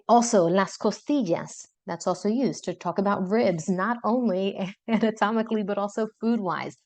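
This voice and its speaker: A young adult woman hosting a podcast language lesson, explaining vocabulary patiently, repeating words slowly and dropping in casual asides. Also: mid-range voice, a little mellow, no echo. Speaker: Spanish teacher and podcast host.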